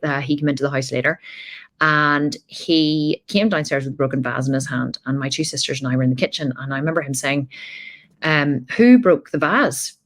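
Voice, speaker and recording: A woman hosting a podcast, telling a personal story in a blunt, emphatic way and swearing freely. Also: deep voice. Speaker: podcast host.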